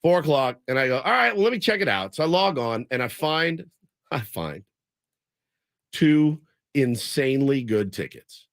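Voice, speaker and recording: A man's voice: medium pitch, sing-song, moderate pace, a bit bright, dry recording. A man hosting a casual sports radio show in a studio, telling long rambling stories. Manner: rambling storyteller, imitates people he quotes. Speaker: radio host. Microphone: studio microphone.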